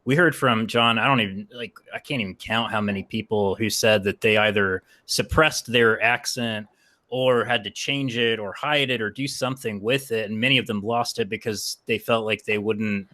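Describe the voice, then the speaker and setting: A man's voice: lowish voice, moderate pace, sharp tone. A man from West Virginia hosting a podcast, talking in a rambling, casual way and swearing freely. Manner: rambling, lots of fillers and restarts, swears freely. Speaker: podcast host.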